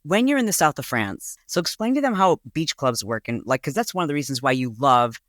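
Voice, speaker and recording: Chatty woman podcaster, lively up-and-down voice, dry close mic, dishing gossip. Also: sits low, a little fast, dry recording. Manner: animated, gossipy, acts out voices in quotes. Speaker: podcast host. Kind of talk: casual storytelling chat.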